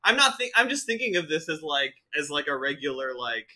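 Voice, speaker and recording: A man playing in a tabletop role-playing game, halting and full of restarts. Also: a little high, sing-song, bright, forceful tone. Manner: hesitant, many restarts. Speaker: player.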